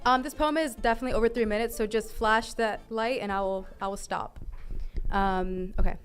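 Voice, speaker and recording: A woman's voice: fairly high pitch, fairly even intonation, brisk, clean tone. A woman at an open mic in an indoor venue, delivering a spoken word poem with a rhythmic, storytelling flow.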